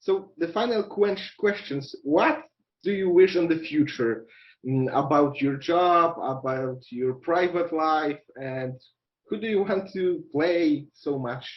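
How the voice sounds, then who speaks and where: Slow, halting male interviewer. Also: fairly high pitch, reverberant. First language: Polish. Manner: halting, careful non-native English. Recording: slightly dull recording.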